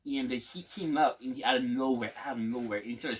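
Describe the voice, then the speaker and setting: A man's voice: medium pitch, fast talker, hardly any pauses, breathy edge. Young man, casual storytime, rambling, laughing, swearing. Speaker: navy veteran telling stories.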